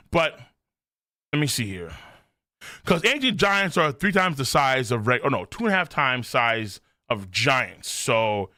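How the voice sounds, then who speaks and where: A male streamer riffing through a live reaction, his voice swinging wildly up and down and carrying a bright, forceful edge. He talks excitably, swears freely and thinks aloud, close and dry on the mic. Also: mid-range voice, no room sound.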